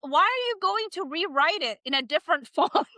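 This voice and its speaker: A woman's voice: extremely high pitch, expressive, a little fast, pushed and bright, dry recording, low-quality recording. A young woman giving casual live-stream commentary, reading chat comments and laughing often in incredulous disbelief.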